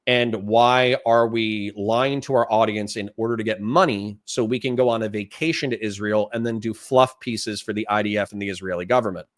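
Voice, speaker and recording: A man's voice: on the low side, a little fast, hardly any pauses, no echo, studio quality. A man streaming live, reacting to a video clip and talking casually with his chat, bursting into exasperated outbursts.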